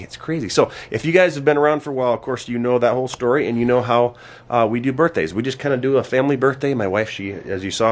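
Earnest low-voiced dad vlogging. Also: male voice, slight background noise. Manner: warm, earnest, repeats words, gets choked up. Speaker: vlogger, father. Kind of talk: casual family vlog talk. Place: home in Alaska.

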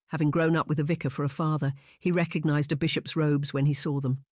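An audiobook narrator reading a period romance aloud in an even, measured manner. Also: mid-range voice, dry recording, clean studio sound. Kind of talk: scripted narration.

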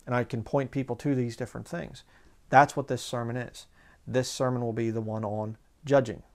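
Gravelly-voiced man preaching a sermon. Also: medium pitch, flat delivery. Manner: conversational preaching, reading scripture slowly.

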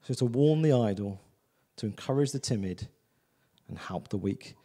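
A man gives a sermon in a church with a mellow, warm tone. He talks loosely and personally, stopping often to check in with the congregation. His pitch sits in a middle range. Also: lively intonation, normal speed, in a large hall. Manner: conversational, repeats "do you know what I mean". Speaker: visiting preacher.

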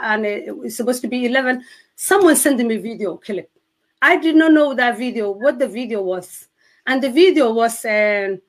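A middle-aged woman from Somalia, a Somali native speaker, tells her personal testimony with halting phrasing and many restarts. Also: on the high side, fairly bright tone. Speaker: guest telling her testimony.

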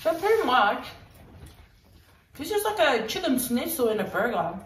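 A woman with an Australian accent hosting a casual vlog, chatting with lots of ums and likes and quick giggles. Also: high-pitched, sing-song. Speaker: vlogger host. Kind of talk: casual chat. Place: at home with kids. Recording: roomy, distant mic, faint noise.

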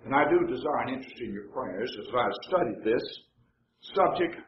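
A man preaching a sermon as pastor, slow and measured with pauses. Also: medium pitch, animated, a little hiss or hum. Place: church sanctuary. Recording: roomy church sound, slightly dull.

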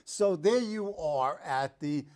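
Animateur télé enjoué, voix un peu aiguë. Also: male voice, on the high side, lively intonation, slow pace, a little mellow. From New York. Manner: enthusiastic, joking, stumbling over names. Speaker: TV talk show host. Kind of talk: public affairs interview.

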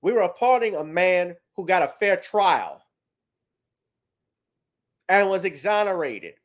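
A man's voice: sits high, big pitch swings, measured pace. A man hosting commentary, ranting bluntly and profanely with emphatic jabs. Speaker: commentary host.

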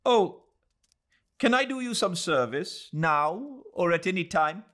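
A man voicing a proud, excitable young Indian Muslim man who talks urgently and formally. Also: sits high, takes it slowly, pitched above the performer's own voice, exaggerated voice. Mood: courteous.

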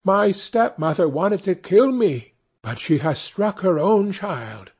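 A man's voice: sits high, animated, slow, darkish tone, husky, voice pushed up, heavily acted. A man reading a fairy tale, voicing a frightened young maiden who urges her sweetheart to flee. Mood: urgent.

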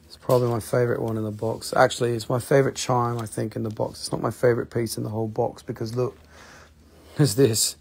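A man's voice: mid-range voice, level tone, fast, creaky, darkish tone, slightly rough. A man hosting a live online sale, talking casually and enthusiastically, rambling and swearing now and then. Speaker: host selling rocks and minerals on a live stream. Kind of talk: casual live sales chat.

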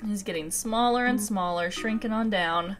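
A young woman in her twenties talking through a cozy video game, excitable and quick to giggle. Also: mid-range voice. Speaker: gaming channel host. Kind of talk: let's play commentary.

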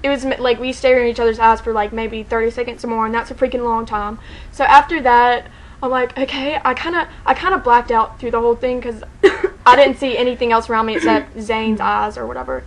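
A woman tells a story straight to camera in a loose, casual vlog. Her voice sits a bit high, and she rambles excitedly, with filler words everywhere and laughter breaking through. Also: brisk, low-quality recording. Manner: excited, rambling, heavy use of "like", frequent laughter. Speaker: fan telling a story.

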